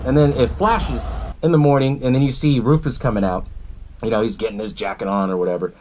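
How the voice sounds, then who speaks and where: A man's voice: medium pitch, fairly even intonation, a little fast, a little mellow, a little hiss or hum. A man hosting a podcast, casually retelling a movie in a rambling, profane way and laughing often. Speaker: podcast host.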